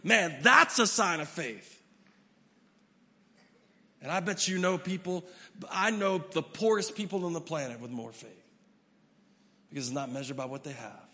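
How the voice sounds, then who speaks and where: Middle-aged male preacher, high bright voice, emphatic delivery, reverberant church hall. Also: animated, measured pace, pauses often. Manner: emphatic, swings from loud to hushed. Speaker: pastor. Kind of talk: sermon.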